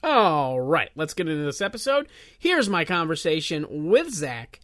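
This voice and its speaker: A man's voice: fairly high pitch, sing-song, unhurried, fairly bright tone, slight background noise. A man hosting a comedy podcast, talking casually through announcements with frequent filler words and loose, rambling asides. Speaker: podcast host. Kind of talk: solo podcast intro announcements.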